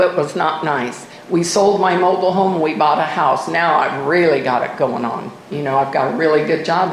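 At a recovery meeting, an older woman speaks candidly into a podium microphone, telling her story with wry, self-mocking humor. Her middling-pitched voice echoes around the room over a faint hiss.

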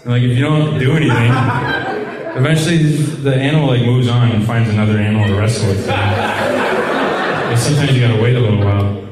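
A man's voice: medium pitch, fairly even intonation, fairly quick, loud music behind the voice. A man from Michigan sharing his story at a recovery meeting, rambling with lots of "like" and "you know". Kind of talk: personal recovery share. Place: meeting room. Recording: roomy, distant mic.

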